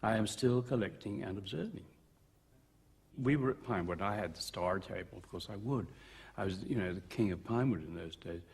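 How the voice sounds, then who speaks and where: A man's voice: fairly low pitch, fairly quick, darkish tone, breathy edge. An older man in his seventies, a veteran actor, recalling his film career in an interview with wry, theatrical storytelling and acted-out dialogue. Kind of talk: reflective interview anecdotes.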